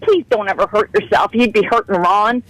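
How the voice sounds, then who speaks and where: A woman's voice: mid-range voice, fairly quick, no echo, rough recording. A woman calling into a radio show, passionate and pleading as she scolds the host. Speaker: radio caller. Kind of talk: heated radio call-in.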